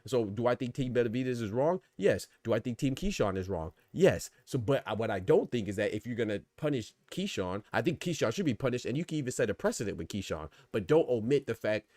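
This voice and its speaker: A man's voice: mid-range voice, big pitch swings, fast, hardly any pauses, a little mellow, no room sound. A man hosting a boxing podcast, talking casually and with energy, asking rhetorical questions and reading out chat comments. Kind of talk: casual live-stream commentary.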